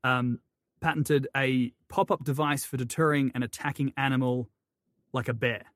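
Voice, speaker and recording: A man who narrates audiobooks, chatting as a podcast guest with quick, self-deprecating wit. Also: mid-range voice, steady tone, fairly bright tone, no echo, studio quality. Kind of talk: casual chat.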